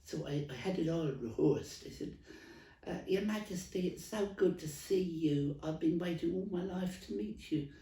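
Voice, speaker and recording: In a comic character monologue, a male actor plays a gossipy, chatty elderly woman who trades at a Dublin market stall. His natural, slightly high voice has a dark tone and the gravelly rasp of a heavy smoker who coughs, and he rambles at a moderate pace, stumbling and restarting his stories often. The mic is distant and roomy.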